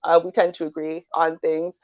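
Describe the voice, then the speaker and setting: A woman's voice: low voice, moderate pace, no room sound, highs cut off. A woman with a Canadian accent, a panelist in a casual chat, telling stories animatedly and often asking "right?". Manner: animated storytelling with frequent "right?".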